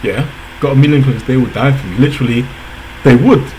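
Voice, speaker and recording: A man hosting a casual reaction video, talking excitably, laughing often and repeating himself. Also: mid-range voice, a little fast, slight background noise, rough recording.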